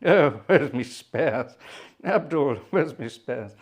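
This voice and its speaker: A man voicing a blustering, indignant British army man who bellows his lines slowly and loudly. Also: a little high, animated, slightly rough, heavily acted. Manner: loud, drawn-out bellowing.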